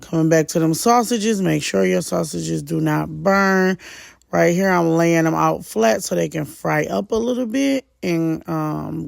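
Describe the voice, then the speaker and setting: A woman's voice: lowish voice, unhurried, gravelly, no echo, studio quality. A woman narrating her cooking in a casual, chatty way, speaking straight to her viewers with loose, informal talk and the odd curse word. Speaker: home cook vlogger. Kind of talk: casual cook-along narration.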